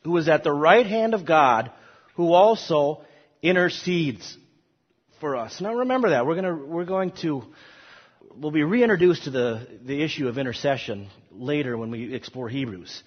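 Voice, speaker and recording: A man's voice: on the high side, expressive, moderate pace, breathy edge. Emphatic man teaching scripture, echoey hall. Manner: emphatic, rising on quoted scripture, with restarts. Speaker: Bible teacher. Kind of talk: classroom Bible lecture. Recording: dull audio in a long-echo hall.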